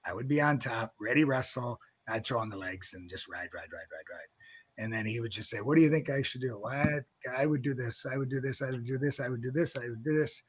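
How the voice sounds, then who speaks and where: Brisk and slightly rough at a medium pitch, a middle-aged wrestling coach tells a relaxed, lively story. He performs the characters' lines and keeps breaking into laughter.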